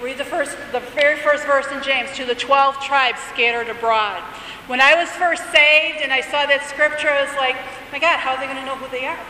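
A woman gives a teaching sermon in a high, bright voice. She alternates between reading prayers aloud and explaining them in a conversational way. The sound is echoey, with a long reverb and faint room ambience behind her. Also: distant mic, a little hiss or hum. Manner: reads liturgy aloud then explains it conversationally. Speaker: Bible teacher.

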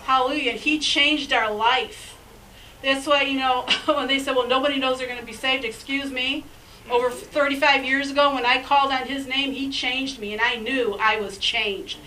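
Woman preaching, bright voice, bit far from the mic w faint hiss, chatty and emphatic. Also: sits high, fairly even intonation, normal speed. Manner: emphatic, conversational preaching with asides and laughs. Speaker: pastor. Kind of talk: sermon.

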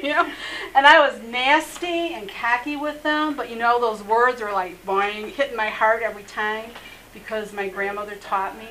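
A middle-aged woman rabbi recounts her testimony in an earnest, chatty way, laughing often and filling gaps with "you know". Her voice sits a bit high and rings bright and forceful. A faint hiss lingers in the background. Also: moderate pace, low-quality recording. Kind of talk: personal testimony in a faith interview.

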